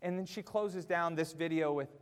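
A man preaching a sermon in a church auditorium, wearing a mic, chatty and self-mocking, swinging from quiet asides to shouted peaks. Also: a little high, moderate pace, long reverb tail. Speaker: pastor.

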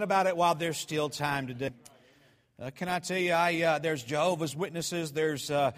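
A man preaching a fervent sermon that swings from hushed storytelling to shouting. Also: on the high side, normal speed. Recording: long hall reverb.

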